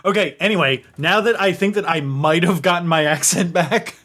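A man's voice: high-pitched, moderate pace, fairly bright tone. Giggly man with a slipping drawl. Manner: laughing, stumbling into a put-on country drawl. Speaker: game master. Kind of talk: out-of-character banter in an online tabletop game.

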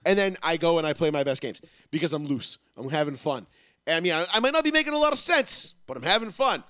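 A man's voice: a little high, lively intonation, quick pace, bright, forceful tone, dry recording, studio quality. A man talking sports in a loose, rambling, profane way on a casual podcast. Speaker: podcast co-host.

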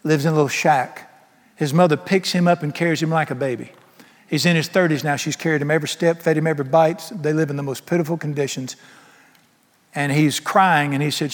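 A middle-aged preacher delivers an emphatic, folksy sermon, breaking into humorous asides. His voice sits a little high for a man. It rings with a long reverb, as in a large church hall. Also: fast.

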